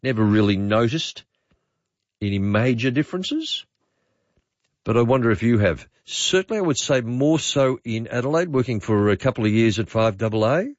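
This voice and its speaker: A middle-aged Australian man hosting overnight talkback radio, musing aloud with frequent pauses and fillers. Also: mid-range voice, lively intonation, no room sound, lo-fi sound. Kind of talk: late-night talkback radio. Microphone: studio microphone.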